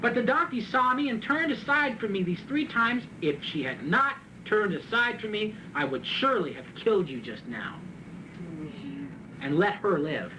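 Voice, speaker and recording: A man preaching a sermon, reading scripture and then retelling it in a joking, animated way with frequent laughs. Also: high voice, moderate pace, background noise. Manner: animated, joking, laughs often at his own asides; reads scripture aloud and then retells it in plain talk. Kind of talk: sermon with Bible reading and commentary.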